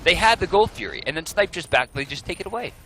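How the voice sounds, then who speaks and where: A man's voice: high voice, lively intonation, fast, a bit bright, a little hiss or hum, rough recording. A man casting an esports match, giving play-by-play and analysis with joking banter. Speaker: esports caster. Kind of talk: play-by-play commentary.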